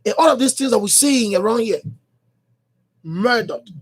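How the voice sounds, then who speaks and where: A Liberian man hosts a morning radio talk show in a studio, his voice sitting notably high for a man. He thinks out loud in a loose monologue, circling back to the same phrases and filling pauses with hesitant fillers and restarts. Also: expressive, husky. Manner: rambling, repeats phrases, many fillers and restarts.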